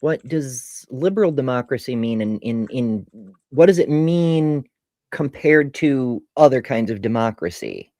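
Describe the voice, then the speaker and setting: A man hosting a livestream, offering brief, measured comments in casual chat. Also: medium pitch, expressive, mellow, no echo, studio quality. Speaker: livestream host.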